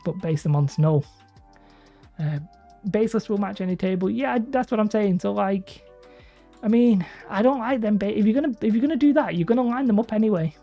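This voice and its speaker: A woman's voice: medium pitch, warm tone. A woman hosting a hobby livestream, chatting casually with viewers and rambling between laughs. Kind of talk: casual livestream chat reading viewer comments. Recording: dull lo-fi stream audio with faint music.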